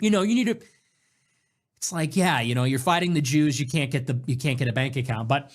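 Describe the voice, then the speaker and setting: A man hosting his own show in a casual monologue, animated and sarcastic, jumping between loud bursts and low mutters. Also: a little fast. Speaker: show host.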